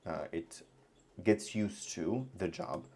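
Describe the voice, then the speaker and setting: Deep-voiced guy walking through a lesson, lots of uh and um, kinda halting. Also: darkish tone. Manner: halting, thinking aloud with many fillers and restarts. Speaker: Arabic teacher. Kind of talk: casual lesson walkthrough. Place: at a computer.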